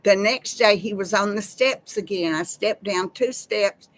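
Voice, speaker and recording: A woman chats folksily with viewers on a live stream. She takes her time, with an easy, drawn-out pace. Her talk is homey and personal. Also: medium pitch, rough recording. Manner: folksy, chatty, addresses viewers as y'all. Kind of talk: casual live chat.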